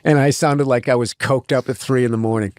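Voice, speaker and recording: Speaking briskly in a steady, slightly mellow mid-range voice, this comedian rambles through profane stories as an interview guest, drifting into asides and voicing the characters he describes. The studio-quality recording is dry.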